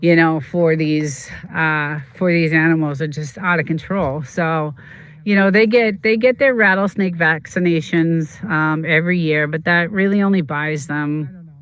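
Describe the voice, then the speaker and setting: Livestream host who chats casually, rambling and halting between fillers. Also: medium pitch, a bit bright, clear, resonant tone. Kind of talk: casual chat while streaming a game.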